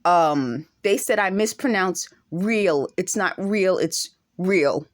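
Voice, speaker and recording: A woman's voice: lowish voice, lively intonation, slow pace. A woman with an accent speaks to camera in an indignant vlog monologue, firing off emphatic rhetorical questions. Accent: speaks with an accent of her own. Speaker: vlogger.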